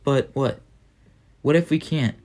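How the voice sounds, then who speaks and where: A man's voice: medium pitch, measured pace, darkish tone, natural voice. A man voicing a frightened, stubborn young girl who pleads anxiously.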